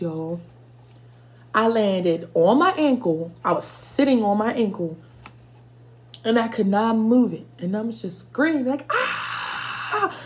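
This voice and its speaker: A woman in her twenties telling casual, profane stories while eating for a mukbang video, stopping now and then to react to spicy food. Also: mid-range voice. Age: 20s. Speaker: mukbang vlogger.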